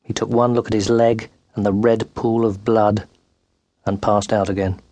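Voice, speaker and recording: A man narrating a children's storybook with animated, dramatic delivery that rises and quickens with the action, recorded close in a studio. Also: fairly low pitch, no echo. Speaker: audiobook narrator. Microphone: close studio microphone.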